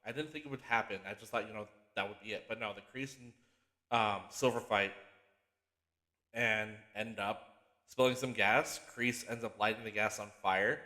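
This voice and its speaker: A man hosting a podcast, recapping a TV series in an excitable, profane, animated way and often restarting his sentences. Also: on the low side, moderate pace. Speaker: podcast host.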